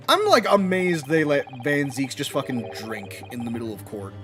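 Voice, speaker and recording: A man's voice: mid-range voice, sing-song, normal speed, few pauses, a bit bright, soft background music. Young guy rambling through game commentary. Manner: loose, swearing, wandering questions with fillers. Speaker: let's play commentator. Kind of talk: casual gameplay commentary.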